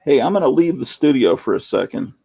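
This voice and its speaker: A man hosts a casual live stream, rambling as he reads out viewer comments. His voice is heavily gravelly and husky, with a dark, mellow tone. The sound is dry and close. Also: medium pitch, lively intonation, brisk, no room sound. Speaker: host.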